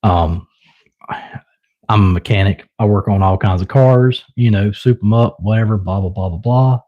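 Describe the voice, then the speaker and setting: A young man with a Southern US accent chats loosely with viewers on his own live stream, rambling with lots of fillers in casual stream talk. His voice is fairly low at normal speed, and the recording sounds muffled.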